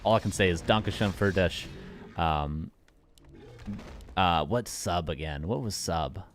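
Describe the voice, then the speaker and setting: A man's voice: low voice, measured pace, a little hiss or hum. A man casting game replays live, joking and chatting with his viewers as he goes. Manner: joking, playful, chats with viewers. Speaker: caster.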